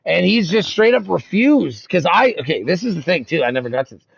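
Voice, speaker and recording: An animated man tells profane stories in casual chat. His slightly high voice swoops widely and carries a gravelly edge. The sound is dry and close to the mic. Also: brisk, no echo, low-quality recording. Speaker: racing league member.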